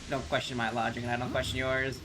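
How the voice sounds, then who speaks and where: A man's voice: mid-range voice, flat delivery, fast. Male streamer, playful, jokey, stumbling reads, faint noise. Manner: playful, joking, stumbles reading aloud. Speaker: gaming streamer. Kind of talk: casual game commentary.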